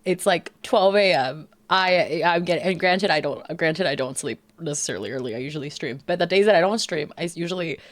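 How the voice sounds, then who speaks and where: Animated young woman on a dry mic. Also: deep voice, fairly quick, few pauses, no room sound. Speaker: podcast co-host, older sister. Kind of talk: casual chat.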